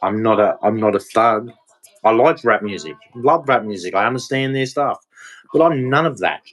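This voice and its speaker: A man's voice: on the low side, expressive, moderate pace, a bit bright, rough recording. An Australian man with a blunt, profane, confrontational manner, ranting in a monologue to camera. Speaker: vlogger.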